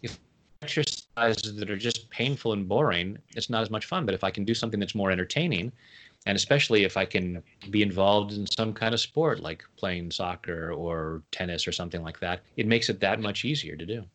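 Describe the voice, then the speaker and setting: Low-voiced man, playful and easygoing. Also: fairly quick, fairly bright tone. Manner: playful, laughs at his own jokes. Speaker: guest, tapping coach. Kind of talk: casual interview chat.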